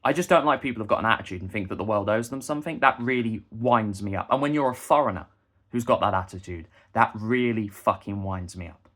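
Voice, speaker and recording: A man's voice: on the low side, quick pace, fairly bright tone. A young man, delivering a heated, indignant rant straight to the camera. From England. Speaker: busker and vlogger. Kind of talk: ranting monologue to camera.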